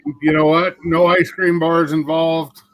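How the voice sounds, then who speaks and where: A man's voice: on the high side, little pitch movement, unhurried, a little hiss or hum, low-quality recording. A man co-hosting a casual live-stream chat, reading out chat comments in a dry, matter-of-fact, teasing way.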